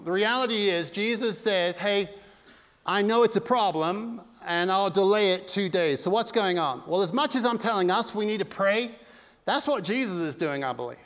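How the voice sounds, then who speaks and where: A high-pitched man preaching a sermon with earnest, conversational energy and casual asides. His voice rings out in a church hall with a long, lingering reverb. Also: a bit bright. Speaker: pastor. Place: church sanctuary.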